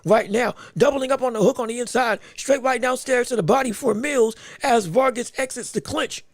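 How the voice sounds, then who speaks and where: A man hosting a live podcast, giving rapid round-by-round boxing commentary with excited outbursts. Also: very high-pitched, no echo, clean studio sound. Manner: rapid play-by-play, excited outbursts, talks to the chat. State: hiccups.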